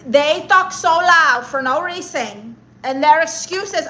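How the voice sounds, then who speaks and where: A woman's voice: sits high, lively intonation, measured pace, bright, forceful tone. A woman live streaming comedy who rants and roasts her viewers in a brash, sassy, mock-insulting way, with Spanish exclamations thrown in.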